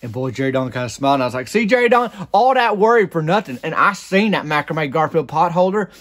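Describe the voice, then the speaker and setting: A man playing a rambling small-town gossip telling a story, in a deadpan comic monologue. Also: fairly high pitch, quick pace. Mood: folksy.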